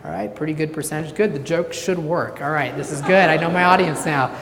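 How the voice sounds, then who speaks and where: Low-voiced woman giving a joking talk. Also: a little fast. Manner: joking, engaging the audience. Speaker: venture capitalist speaker. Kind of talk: interactive talk to an audience. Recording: reverberant hall, faint noise.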